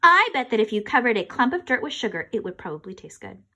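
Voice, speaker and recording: Animated woman reading a children's book. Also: fairly high pitch, quick pace. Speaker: reader.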